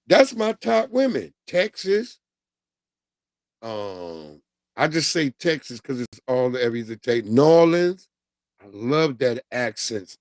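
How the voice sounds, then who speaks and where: A man's voice: on the high side, no echo. Profane New man ranting on livestream. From New York. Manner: loose, profane, laughing, animated storytelling. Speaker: livestream host. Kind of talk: casual livestream rant.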